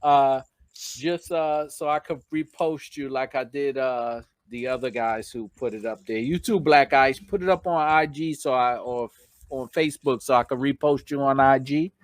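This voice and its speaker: A man's voice: mid-range voice, normal speed, no room sound. A man with a New York accent hosting a casual live stream, chatting and reading out viewer comments.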